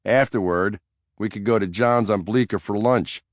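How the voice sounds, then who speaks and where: A man's voice: lowish voice, normal speed, dry recording, natural voice. A man as a wry, weary cop. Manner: dry, wisecracking. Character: weary middle-aged male detective, wry and sardonic.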